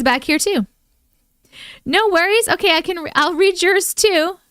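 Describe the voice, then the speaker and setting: A woman's voice: extremely high pitch, animated, a little slow, pauses often, fairly bright tone, no room sound. A woman hosting a livestream, chatting with viewers and reading their stories aloud, breaking in with startled reactions. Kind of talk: casual live chat and reading stories aloud.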